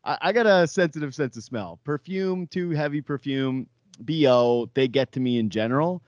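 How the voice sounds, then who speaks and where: A man co-hosting a sports podcast in casual chat, animated and jokey, acting out quotes. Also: medium pitch, normal speed, no room sound, lo-fi sound.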